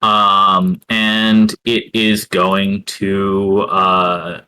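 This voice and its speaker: A man narrating as game master of a tabletop game, hesitant and full of filler pauses. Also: deep voice, level tone, sharp tone, smooth, rough recording.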